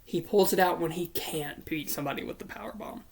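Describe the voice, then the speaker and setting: A casual voice walks through imagined wrestling matches blow by blow, in a middle pitch. The talk is blunt and swears freely, with a playful edge. It is an informal solo commentary. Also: fairly quick, vocal fry. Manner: storytelling narration of imagined matches.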